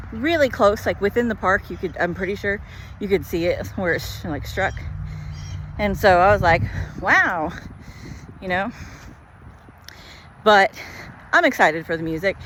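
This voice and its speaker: A woman vlogging while walking, telling a story in a chatty, animated way full of "like". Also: medium pitch, a little hiss or hum. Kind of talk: walk-and-talk storytelling.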